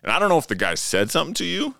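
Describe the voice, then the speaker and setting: A man's voice: fairly high pitch, wildly swooping pitch, racing, vocal fry, pushed and bright, no echo, studio quality. A man co-hosting a casual podcast, telling a rambling, profane bar story with plenty of laughs. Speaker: podcast co-host.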